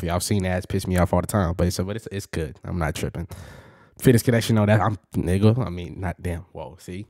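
Low-voiced young man rambling casually. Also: no room sound, studio quality. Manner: rambling and laughing, talks to viewers as y'all. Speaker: reaction video host. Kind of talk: casual reaction commentary.

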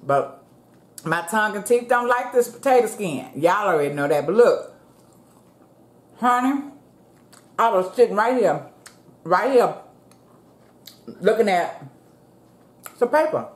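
A woman hosting a casual eating show from her home, chatting to viewers in a relaxed way and calling them "y'all". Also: medium pitch, a little slow, pauses often. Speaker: mukbang vlogger. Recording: roomy echo.

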